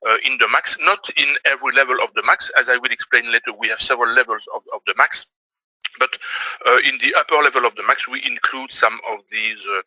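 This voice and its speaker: A middle-aged man from Belgium with a Belgian French accent, giving a webinar presentation and pausing often on fillers. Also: medium pitch, sharp tone, no echo, low-quality recording. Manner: hesitant, many fillers. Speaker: trading presenter.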